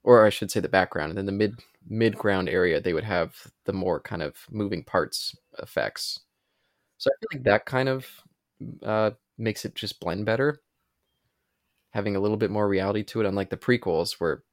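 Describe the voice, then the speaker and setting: Low-voiced man explaining film trivia. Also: a little fast, creaky, no room sound, studio quality. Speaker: podcast co-host. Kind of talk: casual movie commentary.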